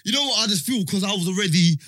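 A young man, animated and full of slang, telling a story in casual chat. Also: sits high, racing, slightly rough, no echo, studio quality.

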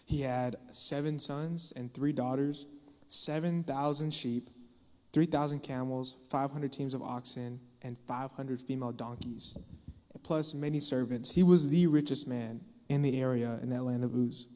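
Casual young preacher in a reverberant hall. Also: male voice, medium pitch, fairly even intonation, a little slow. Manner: casual, acts out quoted speech, bursts loud for emphasis. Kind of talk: sermon. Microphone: microphone in a hall.

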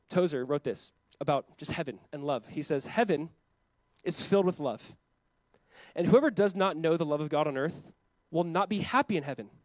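In a sermon without echo, a young pastor speaks passionately in a voice that's a little high. He regularly breaks into short quoted lines spoken as God.

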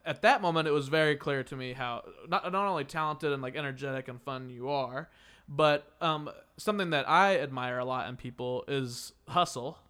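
A man's voice: medium pitch, normal speed, pushed and bright, clear, resonant tone. A young man hosting a podcast, chatting casually, laughing often and rambling with fillers. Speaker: podcast host. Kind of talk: casual chat.

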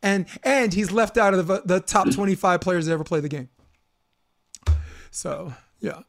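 A man hosting a podcast, a volleyball coach telling animated stories in casual chat, swearing freely and laughing often. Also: high voice, moderate pace, creaky.

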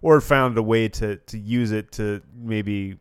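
A man's voice: fairly low pitch, steady tone, measured pace, smooth, dry recording, studio quality. A man co-hosting a podcast in casual chat, rambling with restarts and swearing freely. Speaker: podcast co-host.

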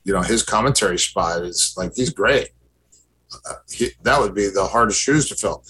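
Rambling low-voiced man telling stories. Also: normal speed, sharp tone, a little hiss or hum, poor audio. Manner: rambling, many fillers and restarts, acts out quoted exchanges. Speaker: podcast guest, former fighter. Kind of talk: casual storytelling chat.

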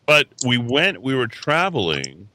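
A man's voice: mid-range voice, huge pitch swings, a little slow, pushed and bright, dry recording. A man hosting a talk radio show from a station studio, rambling opinionated monologue full of hesitations and restarts.

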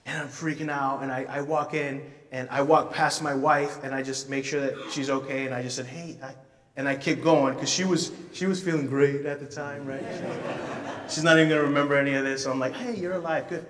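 A man preaching a sermon, telling a story in an animated way with playful asides. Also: mid-range voice, a little fast, distant mic. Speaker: pastor. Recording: reverberant hall from off-mic.

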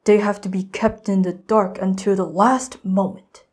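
A teenage girl voicing an eccentric, excitable old male inventor in a storybook reading. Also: mid-range voice, normal speed, slightly rough, close to an everyday voice. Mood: excited. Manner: enthusiastic, mysterious.

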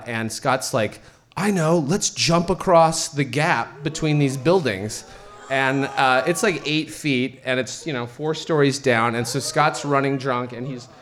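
A man at a middle pitch tells a personal story to a crowd. He rambles and swears freely, in a loose, casual way. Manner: rambling and profane. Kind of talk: personal story told to an audience.

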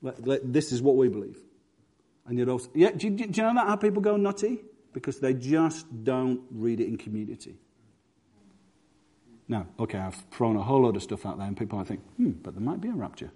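A man from England preaching a sermon with humor, acting out quick voices and quotes. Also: mid-range voice, animated, mellow.

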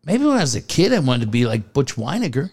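A man's voice: mid-range voice, very animated, fast talker, a little mellow. A man co-hosting a sports podcast in casual, blunt and profane talk. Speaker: podcast co-host.

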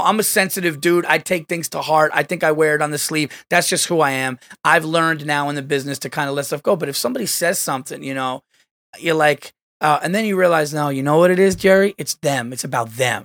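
A man hosting a podcast, telling stories in casual chat, animated and swearing freely as he acts out quotes. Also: a little high, dry recording. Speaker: podcast host.

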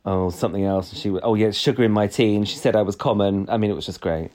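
A man's voice: lowish voice, fairly even intonation, quick pace, a little mellow. A man co-hosting a casual podcast chat, chatty and giggly, often restarting his sentences. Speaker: podcast co-host. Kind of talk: casual chat reviewing a TV show.

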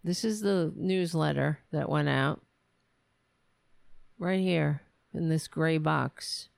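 A woman's voice: low-pitched, slow, vocal fry, darkish tone, dry recording, clean studio sound. A woman hosting a political commentary show, talking in a sarcastic, profane and exasperated way. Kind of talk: casual political rant.

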